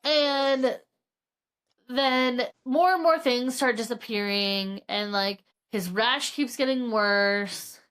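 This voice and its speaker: A woman's voice: a little high, slow pace, fairly bright tone, smooth. A woman co-hosting a podcast, casually retelling a book's plot with swearing and acted-out quotes. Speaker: podcast co-host. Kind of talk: casual book recap chat.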